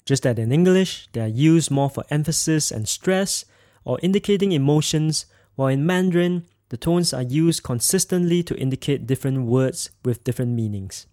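A man's voice: fairly high pitch, dark tone, no echo, studio quality. Man teaching tones in a podcast lesson. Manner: slow, clear demonstrating of tones. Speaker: language teacher.

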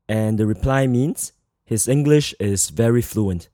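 A man giving a scripted Mandarin grammar lesson, speaking in a measured way and slowly repeating model phrases. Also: mid-range voice, warm tone, dry recording, studio quality. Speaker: Mandarin teacher.

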